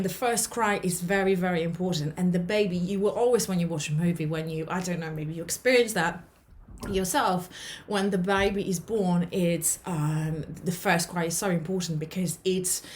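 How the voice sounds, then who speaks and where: Give me an earnest, encouraging woman, chatting to camera about self-care. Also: lowish voice. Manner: earnest, encouraging, many restarts and "okay?" checks. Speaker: vlogger giving life advice. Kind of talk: casual talk to camera.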